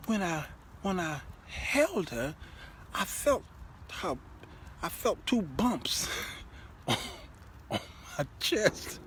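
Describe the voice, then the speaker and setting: A middle-aged man hosting a talk show, telling stories in an animated, laughing way and often repeating himself. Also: sits high, very slow, long pauses, slight background noise. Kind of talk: comedic storytelling monologue.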